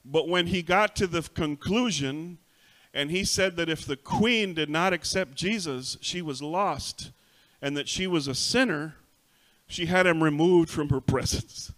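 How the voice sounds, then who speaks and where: A middle-aged pastor preaching a sermon in a church, switching languages and telling stories with animated acted-out voices. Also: a little high. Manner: animated storytelling, acts out voices. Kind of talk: bilingual sermon, self-translating. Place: church sanctuary.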